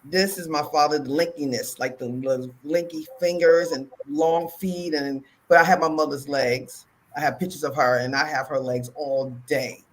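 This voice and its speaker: Talk-show woman, lively storyteller, speaks, voice climbs high in quotes. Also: moderate pace, few pauses, a little hiss or hum, low-quality recording. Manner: animated storyteller, acts out quotes loudly. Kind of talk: casual chat.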